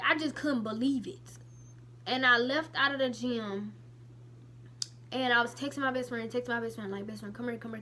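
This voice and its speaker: A young woman vlogger telling a personal story to her viewers in a casual, emotional, animated way with many asides. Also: a little high, a little hiss or hum.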